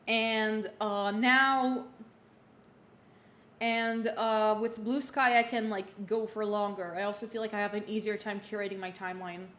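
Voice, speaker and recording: In a roomy, echoing space with a faint hum behind her, a young woman in her twenties streams a game, chatting casually and recapping it in a rambling way full of fillers and restarts. Her medium-pitched voice is a bit bright, fairly even in intonation, and a little slow.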